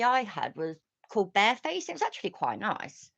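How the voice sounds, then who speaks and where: A woman's voice: on the low side, very animated, fairly quick, few pauses, no echo, lo-fi sound. A woman hosting a casual livestream chat, ranting and swearing freely. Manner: ranty, sweary, chatty. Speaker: host.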